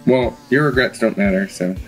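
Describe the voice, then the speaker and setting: A man's voice: fairly low pitch, normal speed, over loud music, poor audio. A man in a band, joking and teasing his bandmates in a casual commentary recorded in a hotel room. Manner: teasing, playful. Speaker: band member.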